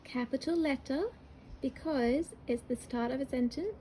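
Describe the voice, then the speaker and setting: A woman teaching young children to write a sentence, sounding out each word slowly and patiently with encouraging praise. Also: high-pitched, mellow, slight background noise, rough recording. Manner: slow, sounding out words syllable by syllable. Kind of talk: early-years writing lesson.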